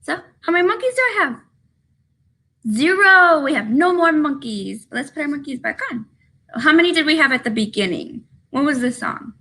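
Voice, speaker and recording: A young woman leading a children's story time, reading aloud in an animated sing-song way with animal noises. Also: high voice, normal speed. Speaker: children's librarian. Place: library room.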